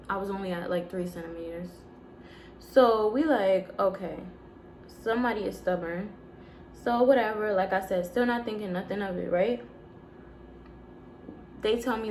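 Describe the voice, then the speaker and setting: Animated woman telling a vlog story. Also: medium pitch, a little fast, slight background noise. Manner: animated, emphatic, repeats words. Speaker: vlogger. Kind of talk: casual storytelling to camera.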